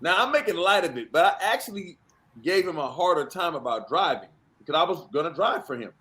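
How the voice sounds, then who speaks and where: A man guest on a podcast, telling a lively, profane story and acting out other people's lines. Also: fairly high pitch, quick pace. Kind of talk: animated anecdote on a podcast.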